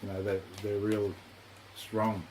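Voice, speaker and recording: A man's voice: on the low side, completely flat delivery, slow pace, warm tone, a little hiss or hum, poor audio. A man as a podcast guest in a studio, speaking hesitantly with many fillers and restarts. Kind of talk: casual interview chat.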